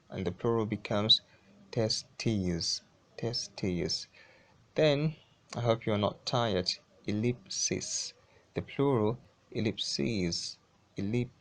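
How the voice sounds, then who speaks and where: Male English teacher, low voice, very slow drilling delivery, repeats every word. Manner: slow, repeats each word several times. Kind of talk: pronunciation lesson.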